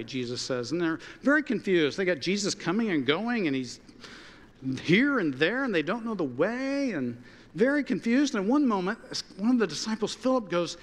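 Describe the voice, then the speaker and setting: Animated preaching man in a reverberant hall. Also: sits high, normal speed. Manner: animated, conversational preaching with quoted dialogue. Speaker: pastor. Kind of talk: sermon. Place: church sanctuary.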